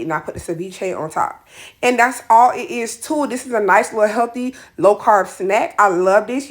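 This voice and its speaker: A young adult woman, chatting casually through a cooking tutorial in her home kitchen, sassy and talking straight to viewers. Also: mid-range voice. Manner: chatty, sassy, talks to viewers as y'all, honey, child. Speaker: cooking vlogger.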